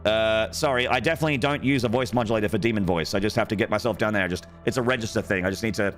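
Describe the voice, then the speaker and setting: A man's voice: on the low side, rapid-fire, fairly bright tone, soft background music. A man livestreaming a game, chatting in a rambling, self-interrupting, playful way with his viewers. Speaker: streamer. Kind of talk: gaming livestream chat.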